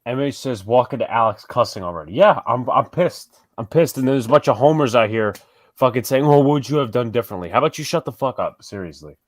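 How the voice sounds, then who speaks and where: Livestream co-host, young New York man, angry ranter, pitch swings a lot. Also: expressive, fairly quick, dry recording, clean studio sound. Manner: angry ranting, heavy swearing. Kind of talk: heated live sports chat.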